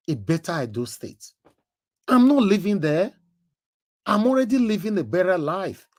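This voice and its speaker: Nigerian man, call-in host, animated and emphatic, lively pitch. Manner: emphatic, preachy rhetorical questions. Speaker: live show host taking calls. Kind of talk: live call-in commentary.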